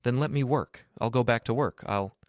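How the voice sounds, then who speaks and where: A man's voice: mid-range voice, normal speed, a little mellow, dry recording, studio quality, voice pushed up, close to an everyday voice. A man voicing a remorseful father in his sixties, apologetic and pleading in a storybook reading. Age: 60s.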